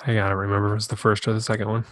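A man's voice: lowish voice, flat delivery, very fast, a bit bright, dry recording. A middle-aged man co-hosting a podcast in a laid-back way, with short agreeing replies and trailing thoughts. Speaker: podcast co-host. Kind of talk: casual podcast chat.

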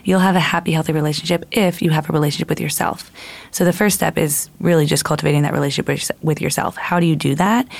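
A woman's voice: low voice, vocal fry, a little mellow, no echo. A woman giving earnest advice in casual talk, laying it out in numbered steps and acting out inner voices.

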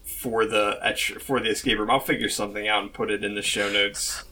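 A man's voice: on the low side, flat delivery, brisk, sharp tone. Hesitant male podcast co-host. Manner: hesitant, many fillers and restarts. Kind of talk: casual chat.

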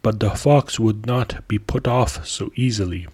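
A man narrating a folk tale as a storyteller, in a measured, steady way. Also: fairly low pitch, breathy edge. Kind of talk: scripted narration.

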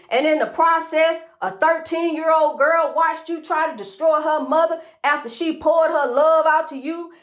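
A woman's voice: high voice, reverberant. A woman giving a preachy, sing-song motivational monologue, calling the listener honey and repeating rhyming phrases.

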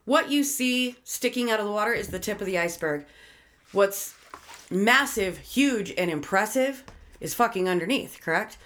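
Woman, casual talker, blunt and foul-mouthed, animated explainer. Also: mid-range voice, normal speed. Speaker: friend giving advice. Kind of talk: casual chat.

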